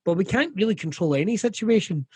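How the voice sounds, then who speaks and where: A man's voice: sits high, lively intonation, quick pace, husky, no room sound. A middle-aged Scottish comedian talking candidly in an interview, swearing freely and acting out the voices of people he quotes. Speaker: comedian guest.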